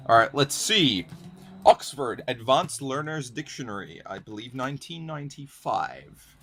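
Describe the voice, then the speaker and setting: A man's voice: medium pitch, sing-song, a little slow, fairly bright tone. A young man ranting casually to camera, profane and sardonic, reading definitions aloud from old dictionaries. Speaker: vlogger.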